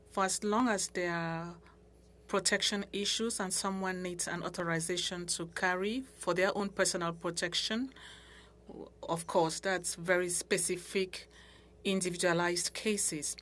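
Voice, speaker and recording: A woman working as a simultaneous interpreter in a committee meeting, speaking in a measured, halting way with restarts. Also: on the low side, fairly even intonation, fairly bright tone. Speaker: interpreter voicing committee members. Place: committee room.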